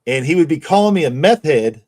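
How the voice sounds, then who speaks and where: A man's voice: fairly high pitch, animated, brisk, a little mellow. A man hosting a casual livestream chat, telling profane stories and laughing often. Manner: profane, laughs a lot, storytelling. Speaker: stream host.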